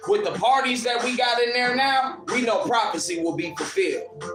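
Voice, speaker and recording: A man's voice: very high-pitched, moderate pace. A man on a livestream delivering an impassioned, preachy rant, profane and confrontational toward his viewers. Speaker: livestream commentator. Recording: echoey room with music beat. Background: instrumental beat playing.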